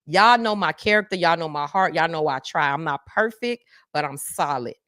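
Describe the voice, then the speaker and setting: A woman hosting a live podcast, talking straight to her viewers in a lively, preacher-like call-and-response style. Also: deep voice, moderate pace, no echo. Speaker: podcast host. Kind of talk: live-stream chat with viewers.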